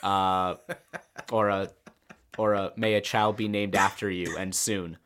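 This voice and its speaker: A man chatting on a podcast in a low, easygoing voice. He tells jokes with playful timing and jumps up in pitch for the punchlines. The talk is loose and friendly. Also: level tone, takes it slowly, fairly bright tone, clear, resonant tone. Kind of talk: casual podcast chat.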